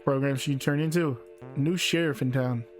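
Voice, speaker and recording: A man's voice: mid-range voice, fairly even intonation, normal speed, faint music behind. A man playfully reading a text game aloud as a game streamer, laughing as he goes.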